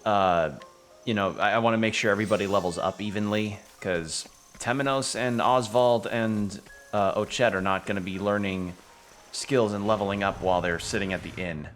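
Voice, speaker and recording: Young guy doing a lets play, lowish voice, thinks out loud, game music faint underneath. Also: fairly even intonation, normal speed. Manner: musing aloud, reads game text in a dramatic voice. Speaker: gaming streamer. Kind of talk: casual let's-play commentary.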